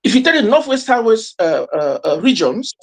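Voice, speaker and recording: A man, a professor, giving analytical commentary, halting with many fillers. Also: sits high, sing-song. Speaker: professor, panel guest.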